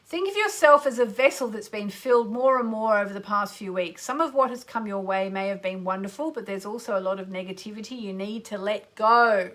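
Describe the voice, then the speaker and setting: A woman's voice: medium pitch, a little fast, hardly any pauses, fairly bright tone. A middle-aged woman with an Australian accent, hosting a live astrology show, chatty and enthusiastic as she reads oracle cards and greets listeners by name. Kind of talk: live show chat with oracle card readings.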